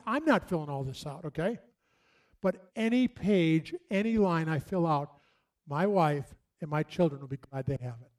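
A man's voice: on the high side, a little mellow. A man telling a story to an audience, acting out his mother's lines, often repeating himself.

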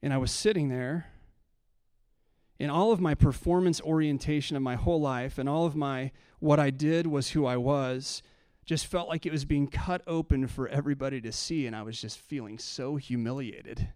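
A pastor preaching a sermon, telling a personal story and building to impassioned preaching. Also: male voice, medium pitch, normal speed, darkish tone, smooth, no echo, clean studio sound.

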